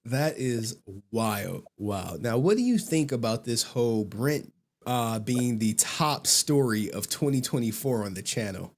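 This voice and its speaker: Young man, livestream host, casual profane chat, laughs a lot, very lively pitch. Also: measured pace. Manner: laughing, profane, animated storytelling.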